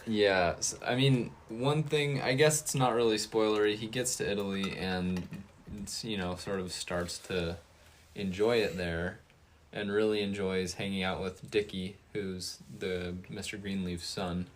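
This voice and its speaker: A man's voice: deep voice, steady tone, measured pace, a little hiss or hum. A man co-hosting a casual movie review podcast, rambling and hesitant, with many fillers and restarts. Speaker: podcast co-host.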